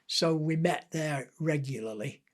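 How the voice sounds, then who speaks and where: An older man talks in an easy, meandering storytelling way. His voice sits a bit high for a man of his years. He is a guest reminiscing in an interview. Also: unhurried. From England (Blackpool). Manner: chatty storyteller, easy and rambling. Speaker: guest author.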